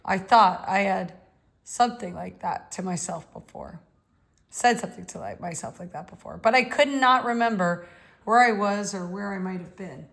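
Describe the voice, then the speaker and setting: A woman reading a novel aloud in the first person, measured and reflective. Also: medium pitch, a bit bright. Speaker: audiobook reader.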